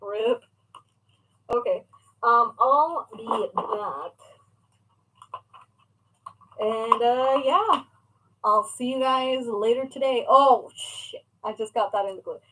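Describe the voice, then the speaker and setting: A woman's voice: on the high side, slow pace, long pauses, noisy background. A young woman chatting casually in a crafting vlog at home, rambling and talking to herself and her pet as she works. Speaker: crafting vlogger.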